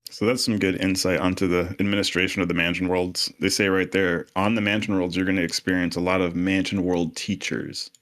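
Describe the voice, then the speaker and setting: A man's voice: deep voice, flat delivery, fairly quick, hardly any pauses, a bit bright. A man hosting a podcast, explaining a reading in loose, casual terms, with the odd swear word.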